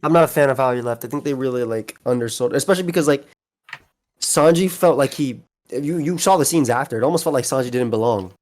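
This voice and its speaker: A man's voice: mid-range voice, fast, a little mellow. A man on a podcast, retelling a scene in eager detail with lots of restarts. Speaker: podcast host. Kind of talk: casual chat.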